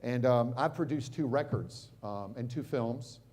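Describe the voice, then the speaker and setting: A middle-aged American man giving a motivational seminar talk, quizzing the crowd and swinging from loud punches to hushed moments. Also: medium pitch, a little slow. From United States. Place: stage at a live seminar.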